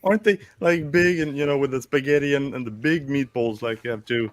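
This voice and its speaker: A man's voice: mid-range voice, a little fast, no echo. A man from Sweden with a Swedish accent, a podcast co-host in casual chat, often giggling. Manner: giggly, animated.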